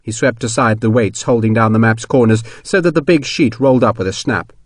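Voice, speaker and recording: A man giving measured, expressive narration of an audiobook. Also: medium pitch, dry recording. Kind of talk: scripted narration. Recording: dry studio recording.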